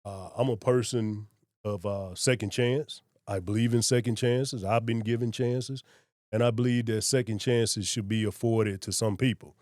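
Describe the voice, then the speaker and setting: A man, a sheriff being interviewed, who speaks in a slow, measured and earnest way. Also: lowish voice, fairly even intonation, darkish tone, no echo, studio quality. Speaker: sheriff, guest. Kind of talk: casual interview conversation.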